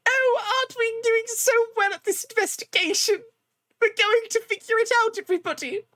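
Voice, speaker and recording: A woman's voice: very high-pitched, moderate pace, bright, forceful tone, no echo, pitched above the performer's own voice. A woman voicing a pompous, cheery male detective in a cravat, with a theatrical, posh manner. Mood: jolly. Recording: game music playing behind.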